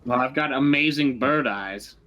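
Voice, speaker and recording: A man playing a tabletop game, trading jokes and quick banter over a voice chat microphone. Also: medium pitch, sharp tone, soft background music, poor audio. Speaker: player.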